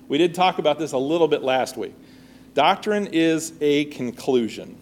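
Male Bible teacher, slightly high voice, conversational class lesson, faint background hiss. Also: moderate pace. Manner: conversational, often checks with "all right?" and "right?".

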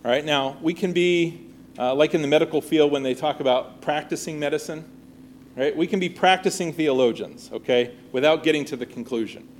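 Male Bible teacher, slightly high voice, conversational class lesson, faint background hiss. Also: fairly quick. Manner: conversational, often checks with "all right?" and "right?".

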